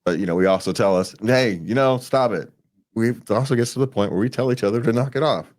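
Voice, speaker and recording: A man with a fairly low, slightly mellow voice talks very fast on the relationship advice show he co-hosts. He's loose and rambling, circling back to restart, doubling up words and chuckling frequently.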